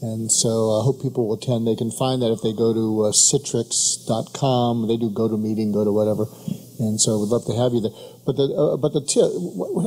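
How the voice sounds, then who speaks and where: Soothing, husky-voiced male guest. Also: mid-range voice, mellow. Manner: soothing, halting with restarts. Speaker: guest speaker and trainer. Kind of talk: casual radio interview. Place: radio studio.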